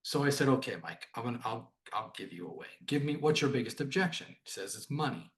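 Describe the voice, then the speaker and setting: A man's voice: mid-range voice, fast talker. Man, sales trainer, podcast guest, casual storytelling, acts out dialogue, keeps asking "right?". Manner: animated, acts out quoted dialogue, repeats "right?".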